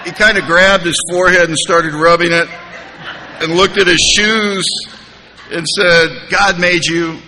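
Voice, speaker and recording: Man, bright ringing tone, slightly high voice, funny storyteller sharing his recovery story from a stage mic, hall reverb, faint room hiss. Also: measured pace. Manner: humorous, animated storytelling with quoted dialogue. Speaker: recovery meeting speaker. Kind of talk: personal story told to a live audience. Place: large conference hall. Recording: live hall recording with reverb.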